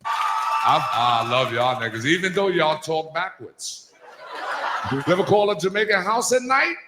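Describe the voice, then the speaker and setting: A brash male stand-up comic with a high voice, firing off profane stories and sudden impressions. He is recorded live in an echoey club. A crowd murmurs under every line. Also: expressive, background noise. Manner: brash, profane storytelling with quick put-on voices. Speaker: stand-up comedian. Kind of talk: stand-up comedy set. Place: comedy club stage.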